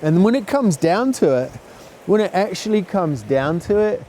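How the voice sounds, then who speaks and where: A man with a mellow, relaxed voice tells a personal story straight to camera. He talks in a chatty, earnest way and keeps calling the listener "mate". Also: high voice, normal speed, a little hiss or hum. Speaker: vlogger.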